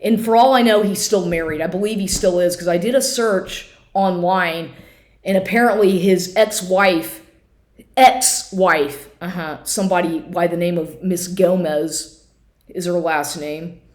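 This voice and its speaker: A woman's voice: on the low side, fairly even intonation, moderate pace, darkish tone, reverberant. A woman telling a personal story in a casual rant, swearing often and restarting her sentences, recorded at home at her computer. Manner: profane, agitated, restarts often. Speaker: vlogger.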